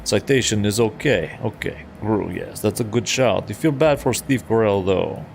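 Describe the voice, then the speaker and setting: A man's voice: fairly low pitch, moderate pace, vocal fry, a little hiss or hum. A man chatting casually on a flight sim live stream, self-deprecating and reading chat aloud, over a headset mic.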